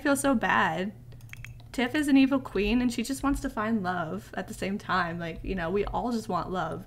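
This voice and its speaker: A woman giving casual let's-play commentary, chatty and excitable as she reacts aloud to the game. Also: mid-range voice. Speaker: gaming video creator.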